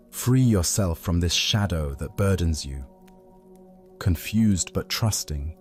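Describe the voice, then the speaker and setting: A man with a very low, deep voice narrates a calming Zen story meant for sleep. His reading is slow, soothing, and even, with soft music playing faintly underneath.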